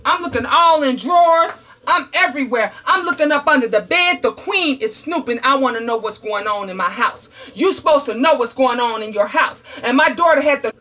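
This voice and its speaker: A middle-aged woman hosting a livestream talk show, ranting in a loud, profane, sassy storytelling way. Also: high voice, animated, moderate pace. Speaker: host.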